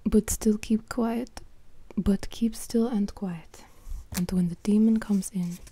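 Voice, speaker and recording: A woman's voice: mid-range voice, fairly even intonation, slow, dark tone, slightly rough. A woman voicing the demon's old mother, wary but kindly, in a whispered role-play.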